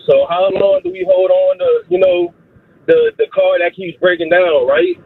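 Husky man in his thirties on the phone. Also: high-pitched, wildly swooping pitch, normal speed, no room sound. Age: 30s. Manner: casual, rambling, frustrated. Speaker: caller. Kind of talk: call-in on a phone line. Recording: tinny dry phone line.

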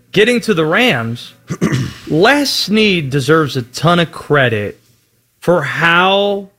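A man's voice: on the high side, a bit bright. A man hosting a sports talk show, setting up stories and clips in a conversational way. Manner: conversational, tosses segments to the co-host.

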